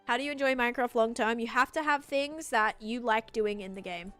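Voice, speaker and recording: Speaking briskly in a smooth, fairly bright tone, a young woman chats on a live game stream as she builds, reading chat aloud. Faint music sits behind her, and she sometimes imitates a voice assistant in a higher voice.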